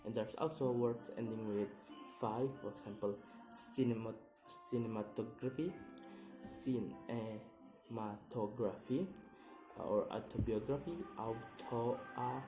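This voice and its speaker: A man whose first language is Indonesian explains word stress in an English pronunciation lecture, stopping and restarting often and repeating each example word slowly. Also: medium pitch, roomy sound, music in the background, poor audio. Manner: slow, stops and restarts, says example words twice.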